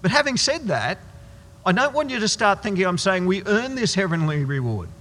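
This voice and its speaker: A man preaching a sermon as pastor, emphatic and slowing down hard on key words, in a church hall. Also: high-pitched, sing-song, fairly bright tone.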